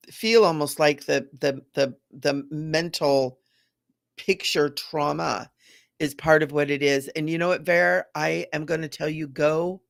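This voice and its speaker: A middle-aged woman, a psychic medium, chatting casually and gently during a live reading, repeating her phrases. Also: deep voice, creaky, no echo, clean studio sound.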